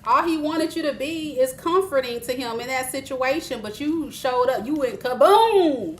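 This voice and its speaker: A woman's voice: sits high, expressive, moderate pace, slight background noise. A woman giving live tarot readings to viewers, chatty and teasing, breaking into laughter often and speaking straight to her audience. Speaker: tarot reader.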